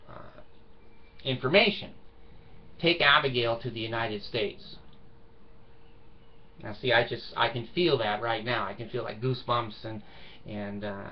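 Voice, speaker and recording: Older male vlogger, mid-pitched, profane and emphatic storyteller, dull lo-fi sound. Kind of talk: casual storytelling monologue.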